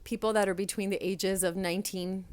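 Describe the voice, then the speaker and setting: A woman's voice: medium pitch, fairly quick, smooth. A young woman who works in restaurants and once managed one hosts a podcast and talks in a blunt, sassy way. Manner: blunt, sassy storytelling with lively quoted voices. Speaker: podcast host, restaurant server and former manager. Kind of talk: casual solo podcast monologue.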